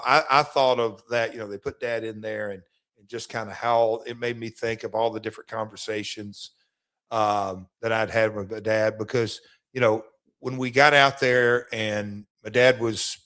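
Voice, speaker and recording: A man's voice: fairly low pitch, sharp tone. A middle-aged man, hosting a chat show and telling stories in a rambling way, full of restarts and stammers. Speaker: podcast host, former wrestler. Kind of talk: casual storytelling chat.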